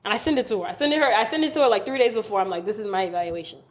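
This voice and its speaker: A woman, telling a story on a podcast in a casual, animated, profane rant. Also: medium pitch, rapid-fire. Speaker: podcast co-host.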